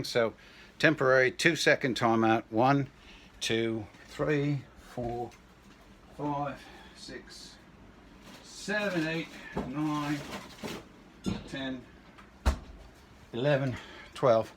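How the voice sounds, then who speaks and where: Bright-voiced rambling man in his sixties. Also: mid-range voice, slow, long pauses, slight background noise. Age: 60s. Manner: rambling, jokey asides and anecdotes. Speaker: home cooking vlogger. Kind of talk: casual kitchen demo chat.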